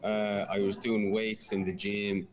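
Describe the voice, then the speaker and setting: A man's voice: fairly low pitch, a little slow, a crowd in the background, low-quality recording. A man, a fighter and coach, telling stories in a casual interview over a remote call and swearing freely as he talks. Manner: animated storyteller, swears freely. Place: café.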